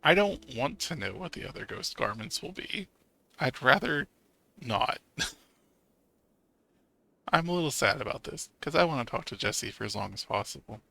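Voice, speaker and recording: A man's voice: medium pitch, big pitch swings, moderate pace, creaky, pauses often, bright, forceful tone. A man streaming a story game, reading its narration aloud and breaking off to chat with his viewers. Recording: game music under the voice. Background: game music.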